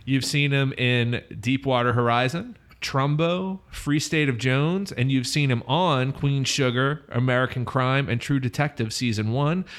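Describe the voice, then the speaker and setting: A man's voice: medium pitch, measured pace, hardly any pauses. An upbeat male podcast host with a mid-range voice. He chats casually, introduces his guest and jokes around. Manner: upbeat, joking.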